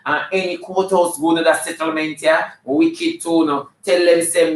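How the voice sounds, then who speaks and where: Sassy high-voiced Jamaican man, echoey room. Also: steady tone, moderate pace, hardly any pauses, a little hiss or hum. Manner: sassy, scolding, flamboyant, with bursts of song. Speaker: comedian. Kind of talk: live comedy banter. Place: live show venue.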